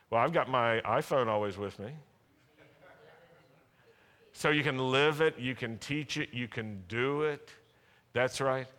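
A man with a mid-range, fairly bright voice preaches as pastor, asking his congregation to answer back. The setting is a large worship hall, and the recording has a long hall reverb.

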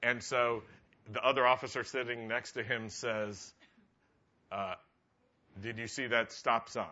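Chuckling rabbi with a bright voice. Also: male voice, mid-range voice, flat delivery, measured pace, muffled recording. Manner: chatty, laughs at his own jokes. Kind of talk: humorous sermon.

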